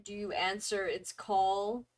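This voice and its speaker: A woman's voice: medium pitch, flat delivery, slow pace. A woman narrating a tabletop game as game master, loose and playful, with many fillers.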